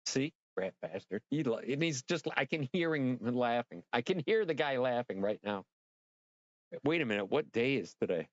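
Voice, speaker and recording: A man hosting a casual livestream, rambling and excitable, swearing freely and talking straight to his viewers. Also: medium pitch, moderate pace, dry recording, dull audio. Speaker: livestream host.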